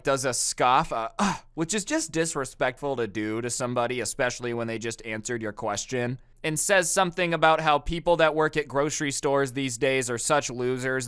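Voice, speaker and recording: A man's voice: medium pitch, a bit bright, clean tone, dry recording, clean studio sound. A young man casually narrating a storytime video, conversational with sarcastic asides. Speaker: storytime YouTuber.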